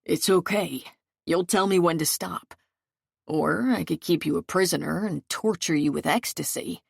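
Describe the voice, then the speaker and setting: A woman voicing a tireless adult male lover who speaks in a soft, low murmur, in an audiobook reading. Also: normal speed, vocal fry, husky, no room sound, studio quality, full character voice. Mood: soft, coaxing.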